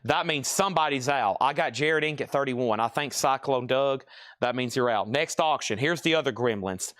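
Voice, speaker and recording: A man's voice: medium pitch, a bit bright, no echo. Southern tennessee guy running a live record auction, rattling off prices, dry close sound. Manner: brisk price calling with joking asides. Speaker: live-stream record sale host.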